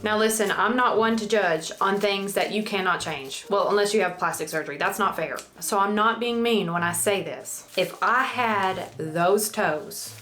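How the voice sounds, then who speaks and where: A woman's voice: mid-range voice, moderate pace, hardly any pauses, fairly bright tone. A woman with a Southern US accent chatting casually through a DIY craft vlog, joking and rambling, now and then stumbling over her words, recorded in a bathroom. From Southern United States.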